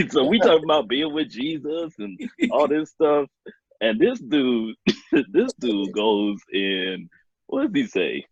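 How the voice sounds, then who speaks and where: A young man recounts camp stories in a casual chat, his voice swinging up and down as he laughs through them. His tone is a little husky, and the recording sounds dull and lo-fi. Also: medium pitch, wildly swooping pitch, slow, dry recording. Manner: laughs often while telling stories. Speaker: former camp director. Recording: dull lo-fi audio.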